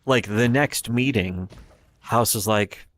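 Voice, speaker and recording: A man's voice: lowish voice, takes it slowly, dry recording. A man giving rambling, profane livestream commentary, retelling scenes with quoted voices. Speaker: streamer.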